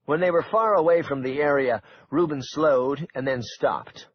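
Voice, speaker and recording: A man's voice: fairly high pitch, normal speed, slightly rough. Man narrating a thriller audiobook. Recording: dull lo-fi with faint hiss.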